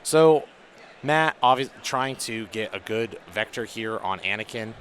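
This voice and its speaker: A man's voice: on the low side, moderate pace, bright, forceful tone, slight background noise. A man commentating a tabletop tournament in a casual, joking way, reading rules and explaining them in detail.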